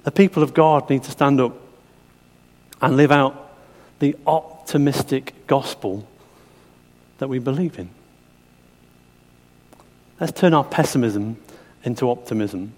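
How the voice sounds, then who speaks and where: A man's voice: medium pitch, measured pace, pauses often, a little mellow. A middle-aged man preaching a sermon, chatty, often asking his listeners questions. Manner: conversational, asks the congregation questions. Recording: long hall reverb.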